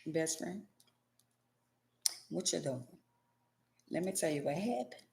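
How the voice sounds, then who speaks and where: A woman doing a comedic monologue in slang, acting out an argument between partners in loud and quiet turns. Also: deep voice, animated, slow pace, vocal fry. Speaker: comedic vlogger.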